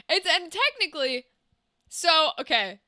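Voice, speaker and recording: Young woman streamer, high and very bright, brash and foul-mouthed, teasing her chat. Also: sing-song, slow pace, dry recording, clean studio sound. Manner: brash, profane, teasing, laughs often. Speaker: game streamer. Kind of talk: casual chat with viewers.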